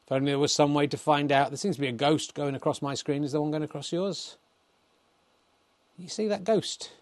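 A man with an English accent and a rather high voice hosts a comedy livestream, providing commentary. He talks briskly, rambling playfully and making jokes at his own expense, and the recording is dry.

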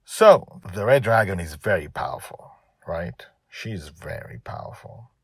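A man reading his own serial story aloud, telling it in a gentle, earnest way. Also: lowish voice, animated, unhurried, breathy edge, no room sound, studio quality. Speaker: author and reader of a serial story. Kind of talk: storybook narration.

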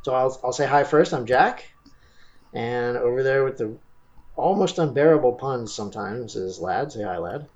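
A man's voice: mid-range voice, animated, normal speed, muffled recording. Rambling goofy male podcast host. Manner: goofy, rambling, breaks into laughter. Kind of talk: casual comedic chat.

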